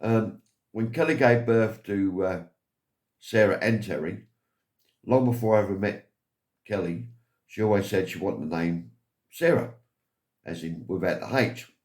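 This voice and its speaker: A man's voice: lowish voice, a little slow, long pauses, a little mellow. An older Englishman telling rambling, chuckling family stories in a vlog, acting out the voices of the people he quotes. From England. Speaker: vlogger. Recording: roomy with faint music behind.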